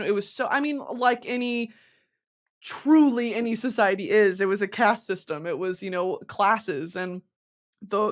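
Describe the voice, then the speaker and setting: A woman in her twenties from the American South, rambling casually and profanely to camera in her own vlog. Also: medium pitch. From Southern United States. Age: 20s. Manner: animated, giggly, slangy and profane. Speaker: vlogger.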